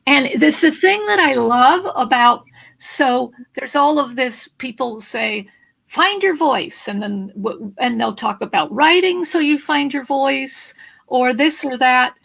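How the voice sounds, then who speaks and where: A woman voice coach speaking in a live video interview, animated and instructive, with a slight morning frog in her throat. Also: sits high, unhurried, creaky, low-quality recording.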